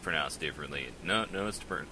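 A man's voice: rumbling low, quick pace, bright, forceful tone, slight background noise, low-quality recording. A man hosting a casual podcast on a headset mic, rambling and joking at his own expense. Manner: rambling, self-mocking, laughs often. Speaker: podcast host.

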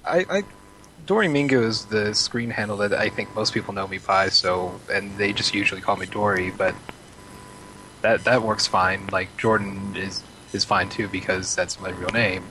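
A man with a Western Pennsylvania accent, a podcast guest talking casually and haltingly. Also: lowish voice, noisy background. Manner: hesitant, halting, with restarts.

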